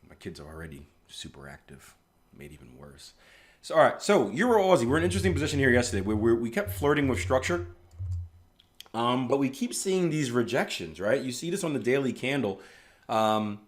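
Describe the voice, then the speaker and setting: A man in his thirties with a somewhat low voice chats loosely on a live stream. He rambles and restarts often, then settles into explaining trading charts. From US East Coast. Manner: rambling storyteller, many restarts and "like", chuckles often. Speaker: forex trading educator. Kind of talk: casual live-stream chat and chart analysis.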